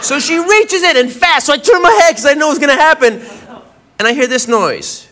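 A man doing stand-up comedy, telling a rambling story with animated outbursts on a club stage. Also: very high-pitched, brisk, background noise. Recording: live club with loud crowd laughter.

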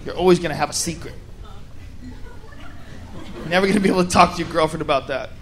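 A young man with a rather high voice tells crude, profane stories on a comedy stage. His delivery is animated and blunt. Crowd laughter and room noise come through around him. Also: fast talker. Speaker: stand-up comedian. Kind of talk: stand-up comedy set. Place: comedy stage before an audience.

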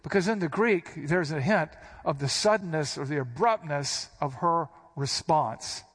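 A man delivering a sermon in a slightly higher-than-usual voice. He explains scripture verse by verse and leans hard on key words with dramatic inflection. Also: a little slow, fairly bright tone, slightly rough. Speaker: pastor.

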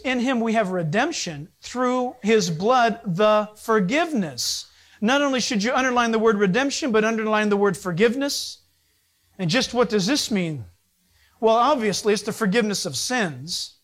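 A male pastor preaching a sermon, animated, voice rising with emphasis and dropping low and quiet at phrase ends. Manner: animated preaching, pitch swings up and down.

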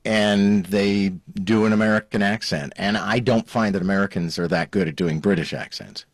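Brief: male radio entertainment reporter, lower voice, lively gossipy delivery, dry studio mic. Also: moderate pace, no room sound. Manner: lively, chatty, laughing gossip. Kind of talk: radio chat.

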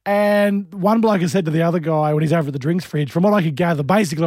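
A man's voice: fairly high pitch, fast, darkish tone, no room sound. A man with an Australian accent co-hosting a radio show in a studio, telling stories in playful, chatty banter. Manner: chatty storyteller, playful, laughs often. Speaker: radio co-host. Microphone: studio mic.

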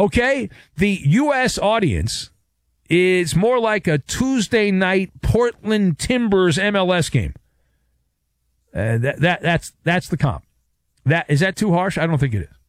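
Sports radio host, man with a high-ish voice that swings all over, sarcastic and jokey. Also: dry recording, studio quality. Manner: wisecracking, sarcastic. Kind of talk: sports talk monologue.

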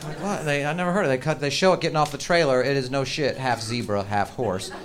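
On a comedy stage, a man with a medium-pitched voice does stand-up, firing off profane, mock-angry rants at a fast clip. The live recording is noisy.

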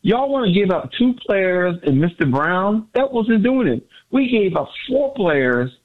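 A man's voice: sits high, measured pace. Ecstatic man calling in by phone. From Miami area. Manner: excited, boastful, repeats himself. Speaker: caller. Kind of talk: excited sports radio call-in. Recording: phone line.

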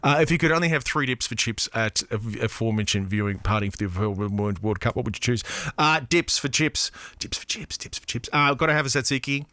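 An Australian man hosts a casual radio show, reading listener texts with a bright, forceful voice. He rambles, trips over his words and makes playful, self-deprecating asides. The sound is dry and close, with no room echo. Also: medium pitch, expressive, fast.

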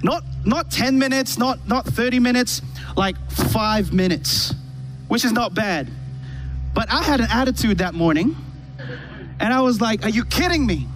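High-voiced man preaching a casual sermon. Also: measured pace, pauses often, background noise. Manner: storytelling with rhetorical questions to the congregation. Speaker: pastor. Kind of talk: conversational sermon. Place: church stage with a worship band. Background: faint keyboard pad music.

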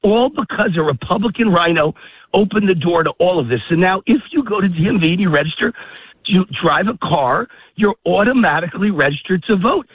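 A man calling in as a guest, out of breath while walking a dog in a park, talking in an emphatic, rapid-fire, repetitive way. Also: high-pitched, animated, slightly rough, no room sound. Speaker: call-in guest. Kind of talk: heated political phone interview. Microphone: phone. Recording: tinny dry phone line.

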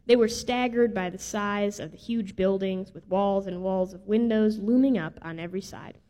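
A woman reading a children's storybook aloud in an expressive, lilting way. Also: medium pitch, normal speed. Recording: reverberant hall.

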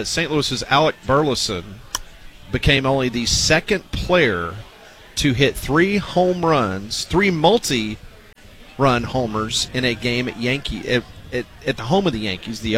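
Measured male sports radio host. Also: mid-range voice, animated, a bit bright. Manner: measured, reads out scores and stats. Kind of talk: casual on-air chat.

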